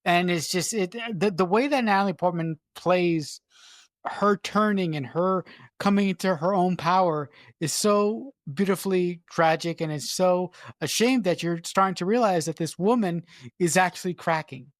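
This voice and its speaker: A podcast co-host in casual film-review chat, gushing and emphatic, with quick repeated restarts. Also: medium pitch, dry recording, clean studio sound.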